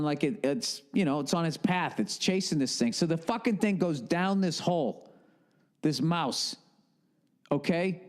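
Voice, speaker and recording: A middle-aged man, hosting a podcast in an animated, swearing comedic rant with acted-out asides. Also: sits high. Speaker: podcast host.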